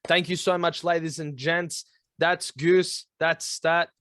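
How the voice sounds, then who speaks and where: A man's voice: a little high, flat delivery, slow pace, fairly bright tone, dry recording, studio quality. A man hosting a casual podcast over a video call. He chats in a matey way and wraps up the episode with plugs for other shows. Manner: easygoing, matey, promo-style sign-offs. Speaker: podcast host.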